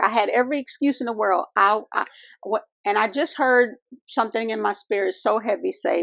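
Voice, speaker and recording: Woman vlogger, heartfelt and devout, gravelly voice on a dry, lo-fi recording. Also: a little high, moderate pace, a bit bright, dry recording. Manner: earnest, faith-filled, addresses viewers as y'all and honey. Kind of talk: heartfelt casual vlog talk. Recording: dull lo-fi dry sound.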